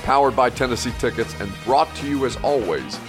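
A man's voice: medium pitch, animated, a little fast, over music. Earnest male podcast host signing off. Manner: earnest, thankful, slightly emotional. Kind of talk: solo podcast sign-off.

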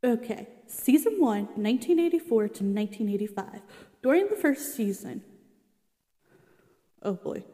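A woman's voice: a little high, animated, moderate pace, pauses often, mellow, in a large hall. A young woman casually reading about an old sitcom and reacting, chatty and exasperated, with many asides. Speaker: vlogger reading and reacting to a show's history.

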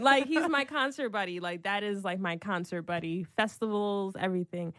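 A woman in her thirties talks openly as a guest in a relaxed conversation. She is chatty and filler-heavy, with ready laughter. Her voice sits at a middle pitch, recorded dry and close. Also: normal speed, hardly any pauses, no echo. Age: 30s. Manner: chatty, leans heavily on "like", laughs often. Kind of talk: casual heartfelt conversation.

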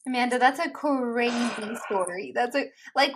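A woman's voice: on the high side, measured pace, few pauses. A woman hosting a faith podcast, reacting to her guest and reading a short sponsor message in casual chat. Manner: responsive, frequent affirming interjections. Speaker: podcast host.

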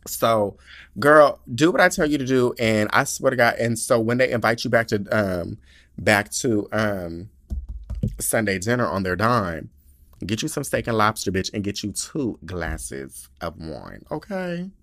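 A man hosting a podcast, chatting casually and reading listener letters in a sassy, profane, animated way, sounding tired. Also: fairly low pitch, measured pace, no room sound, studio quality. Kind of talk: casual chat.

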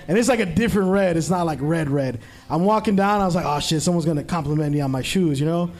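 A male podcast host bantering with his guest at a live show. His voice sits high, and he trips over his words as he steers toward questions. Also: fast talker, a little mellow. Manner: joking, stumbling into questions. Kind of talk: casual live interview banter. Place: bar with a live audience.

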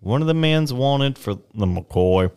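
Lively young man reading history aloud. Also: medium pitch, a little slow, clear, resonant tone. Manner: reads aloud with playful put-on voices and asides. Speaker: podcast co-host reading history. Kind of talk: casual history podcast reading.

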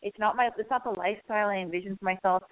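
A woman hosts a casual call-in radio advice show, her voice raspy and hoarse because she's losing it. Mid-range and steady in tone, she talks rapid-fire over phone-quality sound, rambling candidly and swearing freely.

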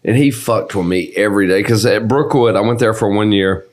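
A man's voice: fairly low pitch, fairly quick. A man guesting on a podcast, joking and swearing bluntly in casual chat.

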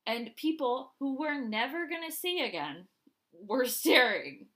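A young woman co-hosting a casual chat podcast. Her voice is bright, slightly high and very lively, and she sounds giggly, dramatic and self-deprecating. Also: unhurried. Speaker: podcast co-host.

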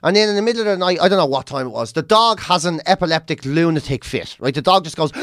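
A man's voice: a little high, quick pace, few pauses, dry recording. A man with an Irish accent hosting a casual chat, telling stories bluntly and with lots of swearing. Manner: profane, blunt, animated storytelling.

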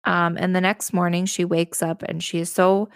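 Low, gravelly-voiced woman retelling a tale. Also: level tone, normal speed, dry recording, studio quality. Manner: sarcastic asides, swears. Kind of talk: casual storytelling with commentary.

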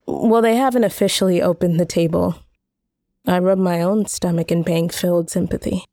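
A woman reading a first-person short story aloud in a measured, wry way. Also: on the low side, steady tone, mellow, no echo, studio quality. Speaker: reader.

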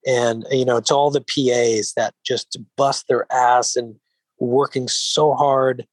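A man speaks in a calm, even-keeled way as an interview guest, his voice sitting at a middling pitch. He wanders through his thoughts, restarting sentences and leaning on filler phrases. The sound is dry and close, with no room echo. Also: slow. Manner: rambling with frequent restarts and "you know". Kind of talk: relaxed interview conversation.

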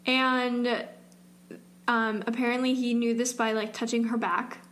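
A woman's voice: fairly high pitch, level tone, a little slow, a bit bright. A young woman with a slight Southern twang co-hosting a podcast, recounting a case in casual chat full of "like" and restarts. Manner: chatty, heavy use of "like", trailing restarts. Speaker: podcast co-host. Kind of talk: casual true-crime chat.

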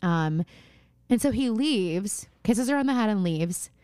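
A woman's voice: mid-range voice, lively intonation, unhurried, a little mellow, clear, resonant tone, no room sound, clean studio sound. A woman co-hosting a podcast, chatting casually and playfully about a TV show, riffing on jokes and laughing often. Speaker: podcast co-host. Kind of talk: casual chat recapping a TV show.

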